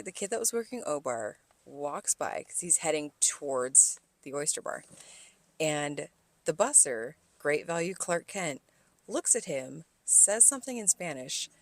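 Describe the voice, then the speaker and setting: Animated, foul-mouthed woman server storytelling. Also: low-pitched, dry recording. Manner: animated storyteller, swears freely, rises loud when outraged. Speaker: podcast co-host, restaurant server. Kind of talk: casual chat.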